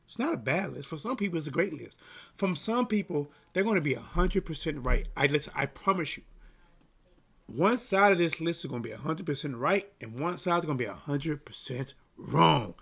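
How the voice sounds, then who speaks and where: Animated male livestream sports host. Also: a little high, brisk, vocal fry, husky. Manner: animated, repetitive, hyping the chat. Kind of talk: casual live-stream chat.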